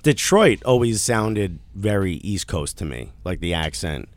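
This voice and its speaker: A man's voice: low voice, lively intonation, unhurried, no room sound. A man co-hosting a podcast, arguing his point casually and laughing often. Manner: laughs often, argumentative but easygoing. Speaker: podcast host. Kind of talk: casual debate.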